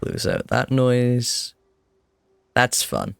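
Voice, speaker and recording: A man's voice: medium pitch, wildly swooping pitch, drawn-out words, gravelly, a bit bright, smooth. A man streaming a game with casual, chatty commentary, wry and self-deprecating, swearing now and then.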